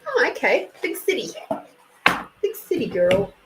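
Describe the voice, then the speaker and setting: A woman's voice: fairly high pitch, very animated, a little slow, noisy background. A woman hosting a casual live card reading, chatting with viewers by name and reading card texts aloud. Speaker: host and intuitive card reader.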